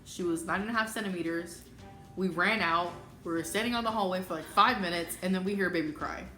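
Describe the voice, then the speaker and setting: A young adult woman telling a story casually and animatedly, acting out what people said in a higher voice. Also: quick pace. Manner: animated, acts out quoted speech in a higher voice. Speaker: vlogger telling her birth story. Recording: echoey room with clear background music.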